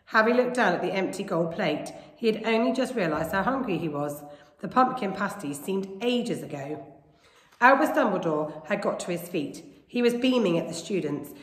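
Woman teacher, expressive read-aloud storytelling; echoey room with long reverb. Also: fairly low pitch. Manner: expressive storytelling, lively name calls. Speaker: primary school teacher. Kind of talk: reading a children's novel aloud.

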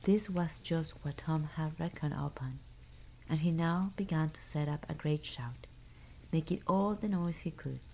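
Woman storyteller, soft ASMR bedtime reading, warm low voice. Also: gravelly, a little hiss or hum, rough recording. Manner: soft, hushed, unhurried.

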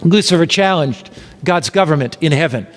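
A man preaching an evangelistic sermon, emphatic and full of rhetorical questions, dropping to a hush and then rising again. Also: fairly high pitch, animated, normal speed. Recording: reverberant hall.

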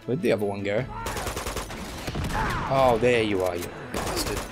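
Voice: medium pitch, unhurried. A gamer giving casual let's-play commentary, often swearing and talking back to the game. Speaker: gameplay commentator. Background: game music and gunfire.

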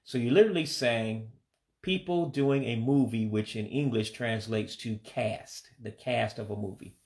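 A man giving a casual vocabulary lesson, speaking slowly and carefully, repeating words with some hesitant fillers. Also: medium pitch, a little mellow. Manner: slow, careful repetition of words. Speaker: language learner teaching vocabulary.

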